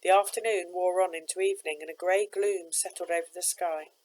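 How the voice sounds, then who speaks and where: A woman, a teacher, reading a children's novel aloud with steady, expressive narration. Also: on the low side, brisk, low-quality recording.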